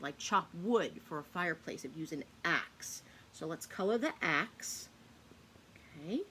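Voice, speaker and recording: A woman with a medium-pitched voice patiently teaches young children phonics, sounding out words and answering her own questions. There's a little hiss or hum.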